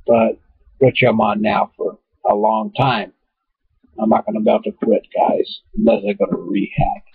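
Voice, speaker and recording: A man's voice: mid-range voice, vocal fry, husky, no room sound. A man rambling through a casual webcam monologue at home, full of fillers and asides. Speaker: vlogger. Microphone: webcam mic. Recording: tinny, phone-like dry webcam audio.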